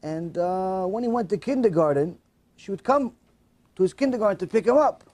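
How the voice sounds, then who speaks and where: Animated man telling a moral story. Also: sits high, fairly quick. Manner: animated, acts out voices, emotional. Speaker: religious storyteller. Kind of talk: storytelling sermon.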